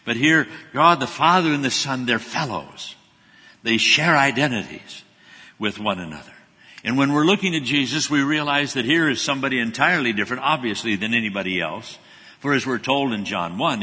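A man preaching a sermon in an earnest way. His voice rises with intensity, then drops to hushed, humble tones when he quotes scripture. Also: mid-range voice, animated, normal speed, slightly rough. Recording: long reverb of a large hall.

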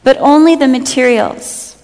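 A middle-aged woman addresses women in a sermon, her high voice carrying a darkish tone at a moderate pace. She weaves in stories from her life and humorously acts out her friends' remarks. The audio has long hall reverb.

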